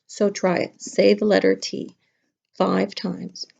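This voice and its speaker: A middle-aged kindergarten teacher chatting playfully to young children during a craft lesson at home. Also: female voice, medium pitch, little pitch movement, slow, gravelly, a little mellow, slightly rough. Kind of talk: casual craft lesson to camera. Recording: dull lo-fi home video.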